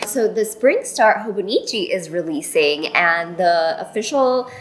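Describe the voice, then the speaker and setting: A woman's voice: on the low side, animated, unhurried, rough recording. A woman co-running a stationery shop, giving news in a casual, rambling, upbeat way and laughing often. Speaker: stationery shop co-owner presenting updates. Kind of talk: casual chatty announcement video.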